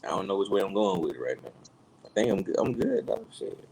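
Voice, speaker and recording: A young man with a very deep voice co-hosts a casual podcast. He is a little tipsy and speaks emphatically, with heated, profane opinions. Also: big pitch swings, fast talker, a little mellow, a little hiss or hum, low-quality recording. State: tipsy from drinking. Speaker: podcast co-host. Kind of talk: casual chat.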